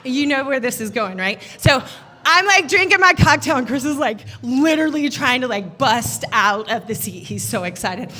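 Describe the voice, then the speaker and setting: A woman giving a funny wedding toast as the groom's sister, animated and laughing as she acts out the voices in her story. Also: sits high, normal speed, soft background music. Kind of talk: humorous storytelling speech. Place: wedding reception.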